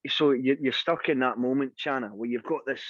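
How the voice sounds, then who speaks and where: A Scottish man spins casual stories about his music career and acts out the voices of the people in them. His voice sits at an ordinary pitch and is recorded dry and a little dull, like a lo-fi call. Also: brisk, no room sound. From Scotland. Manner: lively anecdotal storyteller, acts out quoted voices. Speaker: singer and interview guest. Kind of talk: casual storytelling interview.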